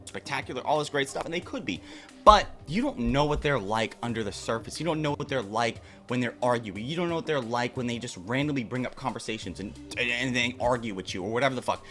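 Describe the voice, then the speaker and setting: A brisk, blunt young man rattles off his dating opinions in a casual, profane rant. He leans hard on words for emphasis, with faint music playing underneath. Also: medium pitch, animated, a bit bright. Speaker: dating commentator in a played clip.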